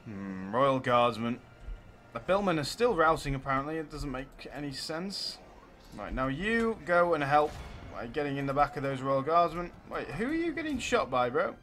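Man narrating a strategy game, bright tense voice, slightly high, excitable cheering. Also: moderate pace. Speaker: let's play host. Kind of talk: live gameplay commentary.

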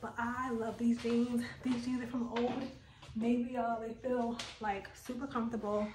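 Thirties woman vlogging, rambly and chatty, voice a bit high, lots of noise behind her. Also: level tone, moderate pace. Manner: rambling, chatty, talks straight to viewers. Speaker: lifestyle vlogger. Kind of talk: casual vlog chat.

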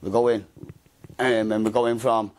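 A man's voice: on the low side, flat delivery, unhurried, darkish tone, a little hiss or hum. A man telling his story in an interview, rambling and slangy, with a habit of repeating himself. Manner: rambling, slangy, repeats "mate" and "do you know what I mean". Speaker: interview guest.

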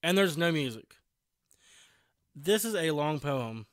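A man's voice: fairly high pitch, animated, slow pace, no echo. A young man giving laughing, sarcastic, profane commentary while playing a game. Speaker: gaming channel host. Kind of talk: let's play commentary.

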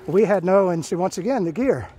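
A man in his fifties walks a trail with his phone, loosely telling tales from his Marine days, full of fillers and restarts. His voice sits high and mellow, a bit quick with lively intonation, over slight background noise.

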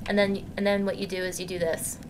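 A woman's voice: medium pitch, little pitch movement, fairly quick, background noise. A woman live streamer in casual chat with her viewers, cursing through crude mock rants.

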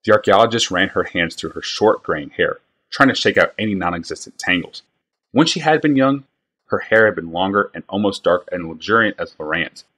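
Low, husky man reading a novel aloud. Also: expressive, a little fast, a bit bright. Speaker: reader.

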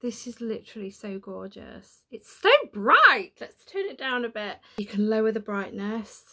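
A woman's voice: medium pitch, animated, moderate pace, bright, forceful tone. A woman chatting through a home unboxing vlog, emotional and tearful, laughing at herself. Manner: chatty, self-deprecating, emotional. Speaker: YouTuber. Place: home room.

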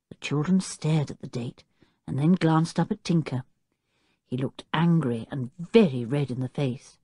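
A woman narrating a children's audiobook in a clear, expressive storytelling manner. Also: low voice, unhurried, no echo, studio quality. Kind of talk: scripted narration.

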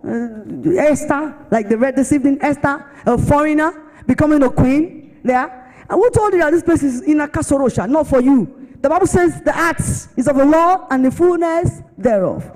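A Nigerian woman pastor preaching, telling her story with lively, dramatic delivery. Her tone is mellow and dark. The sound rings out with a long church-hall reverb. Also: sits high. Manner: animated storytelling, acts out other voices. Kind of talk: sermon with personal testimony.

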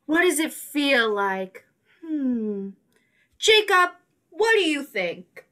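A woman playing a cheerful cotton-candy-loving sister, coaxing children with slow, simple questions in an interactive musical. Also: high-pitched, sing-song, pushed and bright, exaggerated voice. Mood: friendly.

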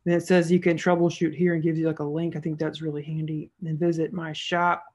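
A woman's voice: low-pitched, level tone, brisk, noisy background. A woman narrating a screen-recorded tutorial as an online seller, casual and thinking aloud as she clicks through each step.

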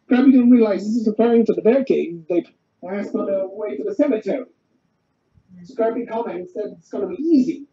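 A man with an extremely dark, mellow voice rambles through a cartoon plot summary in a casual, halting way. He often stops and restarts mid-sentence. The sound is dull and lo-fi, like a cheap home recording. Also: high voice, expressive. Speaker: co-host recapping a cartoon. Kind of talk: casual retelling.

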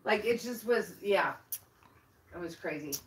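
A woman joins a casual live-stream chat, talking in quick bursts full of fillers and half-finished sentences. She sits away from the microphone, so her voice sounds roomy and distant, with faint noise underneath. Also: mid-range voice, lively intonation. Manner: chatty, fast bursts, fillers, trailing off.

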